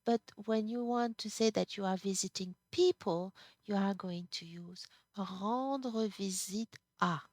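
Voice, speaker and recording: A woman teaching a language class, explaining slowly and patiently, sometimes restarting words. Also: mid-range voice, dry recording, studio quality. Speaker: French teacher. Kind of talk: classroom lesson.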